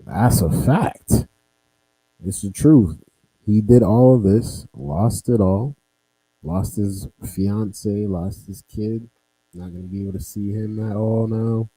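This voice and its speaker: A man's voice: lowish voice, slow pace, warm tone, dry recording, poor audio. A man hosting a casual talk show, laid-back, reacting and summing up. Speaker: podcast host. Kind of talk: casual chat.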